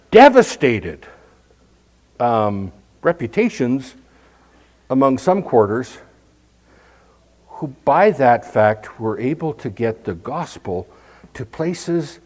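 A man's voice: medium pitch, a little mellow, low-quality recording. A middle-aged male pastor preaching a conversational sermon, with emphatic scripture readings.

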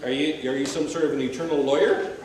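A man preaching a sermon, swinging between loud rhetorical questions and low, quiet asides. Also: fast talker. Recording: very echoey hall, mic at a distance, faint hiss.

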